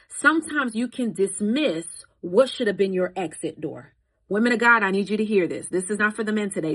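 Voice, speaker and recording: A woman's voice: mid-range voice, rough recording. Preachy woman talking to camera. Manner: preachy, conversational, rises into emphatic exhortation. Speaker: Christian content creator. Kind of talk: casual faith commentary to camera.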